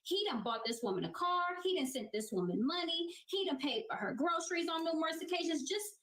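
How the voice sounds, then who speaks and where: Type: brash high-voiced woman. Room: echoey. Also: expressive, brisk, a bit bright. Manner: brash, slangy. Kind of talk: storytime monologue.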